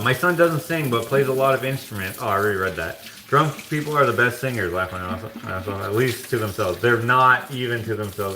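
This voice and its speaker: Rambly guy on a livestream, bright voice, echoey room with some faint noise. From Canada. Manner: rambling, jokey, mock-sings in a high voice. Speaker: livestream host. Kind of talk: casual chat, reading comments.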